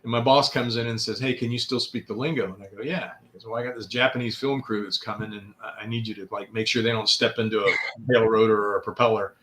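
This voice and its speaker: A man's voice: fairly low pitch, fairly even intonation, fast talker, few pauses, a bit bright. A man in his sixties, a guest in a casual interview, telling long anecdotes and acting out other people's quotes with a raised voice. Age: 60s.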